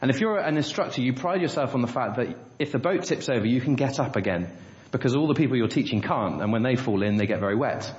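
Preacher in a roomy church. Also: male voice, medium pitch, expressive, fast. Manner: storytelling, rhetorical questions, varies pace. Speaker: pastor. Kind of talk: sermon. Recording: roomy, dull church recording.

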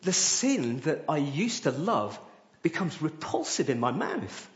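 A man preaching a sermon with an object lesson, animated, often checking in with tag questions. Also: a little high, takes it slowly, roomy sound, highs cut off.

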